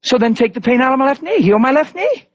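A man's voice: extremely high pitch, wildly swooping pitch, slow, no echo, voice pushed up, full character voice. A man putting on a sarcastic woman with attitude. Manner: mocking, full of attitude. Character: sarcastic skeptical woman with a sore knee. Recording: dull lo-fi recording.

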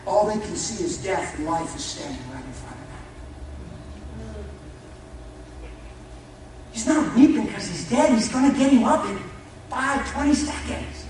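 A man preaching a fervent sermon, swinging from shouts to hushed intensity and speaking folksily to his listeners. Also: sits high, lively intonation, measured pace, long pauses. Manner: folksy, addresses listeners as "brother". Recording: echoey hall, mic far off, faint noise.

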